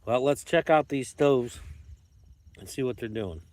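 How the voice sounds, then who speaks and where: Outdoors at dusk with dogs nearby, a man rambles and jokes for his video channel like a playful showman. His medium-pitched voice has lively intonation and a darkish tone, and he talks a little slowly.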